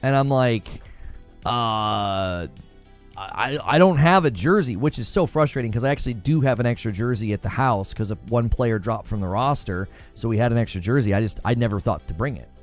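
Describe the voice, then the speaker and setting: Male host, lively storyteller, wide pitch swings, light music bed. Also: normal speed. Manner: animated storyteller, acts out quotes. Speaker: podcast host and youth soccer coach. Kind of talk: casual chat.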